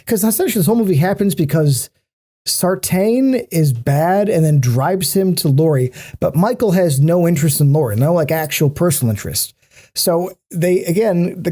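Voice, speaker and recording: A man co-hosting a casual podcast, picking apart what annoys him with plenty of swearing. His voice is dark and mellow, and he keeps stumbling into restarts as he rants. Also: a little high. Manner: critical, ranting, swears freely; halting, many restarts. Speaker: podcast co-host. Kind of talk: casual chat.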